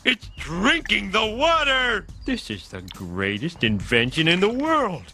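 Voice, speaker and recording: An actor playing an excitable male huckster who touts an invention in a shouty, hyped way, in a clip. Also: high-pitched, a little slow, noisy background, exaggerated voice.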